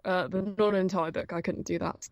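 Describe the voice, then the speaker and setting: A woman's voice: fairly low pitch, steady tone, brisk, dry recording. A young woman, an audiobook narrator, chatting casually as an interview guest, with many fillers and frequent laughs. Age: young adult.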